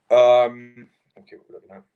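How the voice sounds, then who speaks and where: A man's voice: mid-range voice, lively intonation, a little slow, dark tone, smooth, lo-fi sound. A young man hosting a live football stream, rambling and swearing in frustration between fillers. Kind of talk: casual football watchalong chat.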